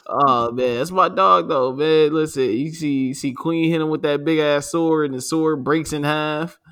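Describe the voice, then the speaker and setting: A man with a gravelly, fry-edged voice chats on a podcast. He is hyped and slangy and keeps starting over with "listen". He talks loosely and casually. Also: on the high side, fairly even intonation, unhurried, fairly bright tone. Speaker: podcast co-host. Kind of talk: casual chat.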